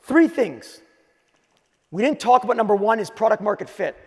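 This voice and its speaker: A man from Quebec giving an energetic keynote talk at a conference, telling his story in punchy short phrases. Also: high-pitched, normal speed, slightly rough. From Quebec, Canada. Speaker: conference speaker. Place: large conference hall. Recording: hall reverb.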